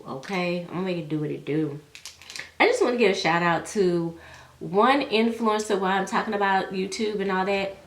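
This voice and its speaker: A young woman with a low-leaning voice talks to her viewers while she does her makeup. She is chatty and heartfelt and drops into relaxed slang, and her voice rings off the walls of an echoey room at home. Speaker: beauty vlogger. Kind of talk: casual chat while doing makeup.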